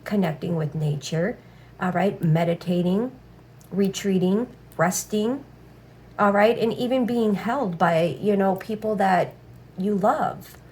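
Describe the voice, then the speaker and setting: A woman's voice: medium pitch, slow pace, darkish tone. Blunt, swearing woman tarot reader. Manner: blunt, swears freely, repeats "all right". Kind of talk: casual tarot reading.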